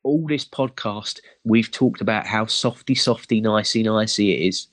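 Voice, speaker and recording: A man's voice: fairly low pitch, moderate pace, a bit bright, no room sound. A man on a casual football podcast, arguing insistently and laughing as he makes his case. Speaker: podcast co-host.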